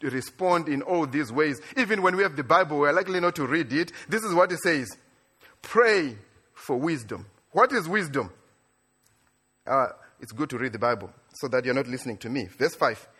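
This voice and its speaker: Excitable husky-voiced African preacher. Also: male voice, moderate pace. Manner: animated, rising to excited near-shouting then dropping low. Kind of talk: sermon. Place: church in Australia.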